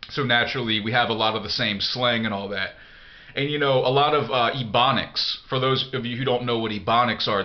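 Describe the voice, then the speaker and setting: Blunt male vlogger, profane and rambling, average pitch, muffled lo-fi recording. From United States. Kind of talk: casual monologue answering a viewer email.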